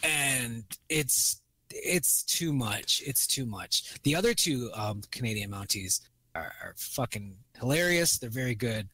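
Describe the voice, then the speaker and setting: A man's voice: medium pitch, animated, unhurried, pushed and bright, no room sound. A man co-hosting a podcast, chatting casually and profanely about movies, rambling with many fillers and acting out quotes. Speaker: podcast co-host.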